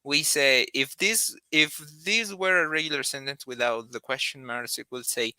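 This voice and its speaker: Man, very bright crisp voice, casual lesson. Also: mid-range voice, normal speed, few pauses, no echo. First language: Spanish. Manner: thinks aloud with frequent restarts and fillers. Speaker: Spanish teacher.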